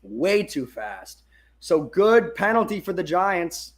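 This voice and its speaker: A man with a high-pitched voice calls a game live as a fan streamer, talking into a phone held in his hand. He is excitable and curses freely. He swings between hyped shouting and quiet, muttered asides. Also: takes it slowly. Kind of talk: excited live sports watch-along commentary.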